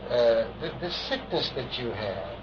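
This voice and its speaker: A man leading a hypnotic age regression session, asking calm, coaxing, leading questions. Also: medium pitch, unhurried. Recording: dull archival recording with hiss.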